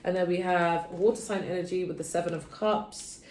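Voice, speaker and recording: A woman giving a casual tarot reading, chatty and sleepy, drifting between low murmurs and sudden bursts of energy. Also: fairly even intonation, moderate pace, a little mellow, reverberant. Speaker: tarot reader.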